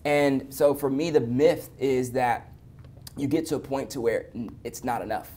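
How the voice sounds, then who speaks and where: A man with a mellow, relaxed tone speaks as an interview guest. He sounds like the pastor he once was, preaching his points and answering with church-style affirmations. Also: medium pitch, moderate pace. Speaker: guest entrepreneur, former pastor. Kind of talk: casual interview chat.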